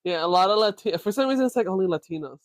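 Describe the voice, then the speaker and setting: A man co-hosting a podcast, teasing his friend with quick interjections in casual chat. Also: high voice, expressive. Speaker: podcast co-host.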